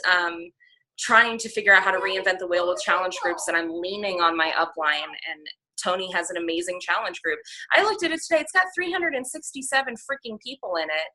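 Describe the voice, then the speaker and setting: A woman's voice: medium pitch, pushed and bright. A young woman coach talking casually on a team call, chatty and candid, with lots of fillers, a sarcastic streak and frequent laughs. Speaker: fitness coach.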